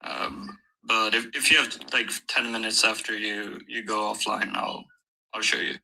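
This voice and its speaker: Man with low, gravelly, flat voice. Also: unhurried, rough recording. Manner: casual, hesitant.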